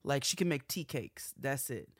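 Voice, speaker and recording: A woman's voice: extremely low pitch, very animated, moderate pace, no room sound, clean studio sound. A young woman co-hosting a podcast, telling family stories in casual chat, blunt and laughing often. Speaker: podcast co-host.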